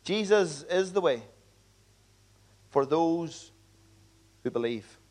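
Male pastor, high voice, emphatic earnest sermon delivery. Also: animated, slow, a little mellow. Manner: earnest, emphatic preaching with repeated appeals. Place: church.

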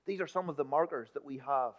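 A man preaching a sermon in a church, emphatic one moment and hushed the next. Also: fairly high pitch, fast. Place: church building. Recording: dull lo-fi recording.

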